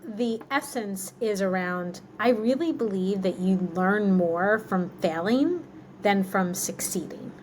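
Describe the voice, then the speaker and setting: A woman's voice: medium pitch, slow, darkish tone, a little hiss or hum, poor audio. A woman answering interview questions in a candid, reflective way, dropping plenty of "like" and "um" fillers. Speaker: guest, marketing executive.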